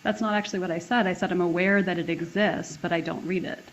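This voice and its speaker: A woman testifying as a witness under cross-examination, defensive and firm, quickly correcting the questioner. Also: on the low side, steady tone, a little hiss or hum. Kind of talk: courtroom testimony. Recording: dull courtroom broadcast audio.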